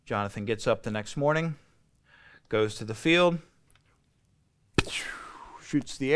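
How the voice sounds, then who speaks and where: A man's voice: medium pitch, measured pace, pauses often, clear, resonant tone. Male pastor, middle-aged, resonant clean voice, chatty storyteller who acts out the dialogue. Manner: conversational storytelling with acted-out dialogue. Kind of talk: Bible study teaching.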